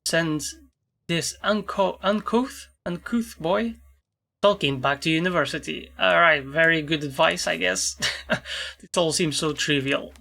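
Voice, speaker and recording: A man's voice: on the high side, unhurried, creaky, sharp tone. A man playing a video game, reading its text aloud with frequent stumbles and self-corrections. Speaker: let's play commentator.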